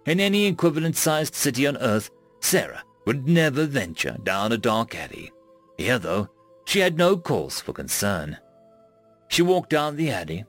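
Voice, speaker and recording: Expressive male storyteller, faint music behind. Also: mid-range voice. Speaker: narrator. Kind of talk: storybook narration.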